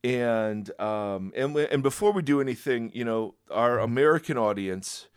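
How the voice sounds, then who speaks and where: A man's voice: mid-range voice, animated, clean tone. A male podcast host talks in a casual, joking way, often restarting his sentences. His mid-range voice sounds dry and close, without any room echo. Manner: chatty, joking, with quick restarts.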